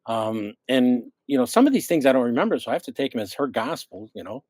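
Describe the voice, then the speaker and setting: A man's voice: medium pitch, quick pace, vocal fry, dry recording. A middle-aged man from the Midwest, a longtime radio host, telling stories in casual chat and acting out the quotes. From American Midwest. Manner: animated storyteller acting out quotes. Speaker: radio show host, guest.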